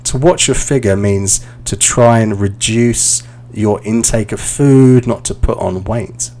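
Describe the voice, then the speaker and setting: A man's voice: fairly low pitch, measured pace, warm tone. A man in his thirties from London with a London accent, teaching English on a live stream in a casual, chatty way and answering viewer questions as he goes. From London, England.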